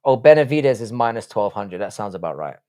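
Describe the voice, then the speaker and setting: A man's voice: lowish voice, sing-song, fast talker, mellow. A man hosting a casual live stream, reading chat aloud and answering in a blunt, profane way.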